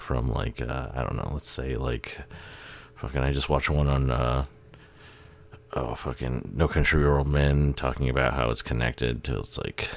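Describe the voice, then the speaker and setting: A man's voice: rumbling low, creaky. A man giving casual, rambling movie commentary, swearing freely and often losing his train of thought.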